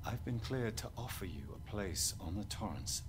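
An actor as a calm British corporate agent. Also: male voice, lowish voice, lightly acted. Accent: Hollywood-style British. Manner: measured, quietly persuasive. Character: calm male corporate agent, measured and persuasive. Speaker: game character. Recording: noisy game audio.

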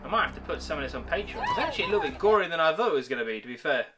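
A man reacting to a film, excitable and swearing, with film music behind him. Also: on the high side, very fast. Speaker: movie reactor. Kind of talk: casual reaction commentary. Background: film music playing.

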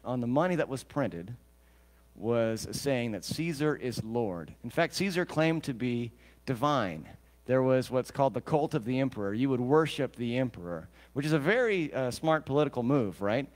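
A male pastor delivers his sermon in a relaxed, conversational way. He drops in humorous asides and asks questions of the congregation. His mid-pitched voice carries a long reverb from the church sanctuary. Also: normal speed.

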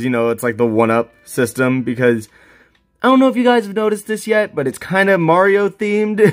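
A man chatting casually to viewers while he plays a video game, laughing now and then. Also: on the high side. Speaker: let's play host.

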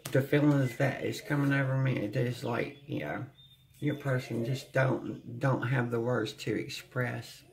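A tarot reader giving a gentle, channeled reading to viewers, often humming and sighing and sounding close to tears. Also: medium pitch, fairly even intonation, unhurried, vocal fry. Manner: speaks with emotion, close to tears at times.

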